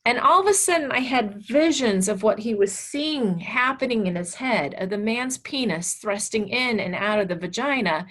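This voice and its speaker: A woman teacher telling a class story in an animated, blunt and candid way. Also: on the high side, normal speed, few pauses. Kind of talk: storytelling lecture.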